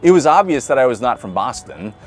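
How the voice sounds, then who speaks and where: A male pastor with a Midwestern accent gives a relaxed, conversational sermon. His pitch moves widely and expressively, he asks his listeners questions, and faint music plays underneath. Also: a little fast. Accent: Midwestern American. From Nebraska. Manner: conversational, asks the congregation questions, laughs lightly.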